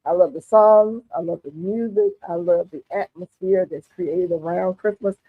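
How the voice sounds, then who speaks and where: A woman's voice: lowish voice, normal speed, no room sound. A woman hosts a gardening livestream, chatting with viewers in a folksy way and calling them honey and darling. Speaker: gardening channel host. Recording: tinny phone-like audio, dry.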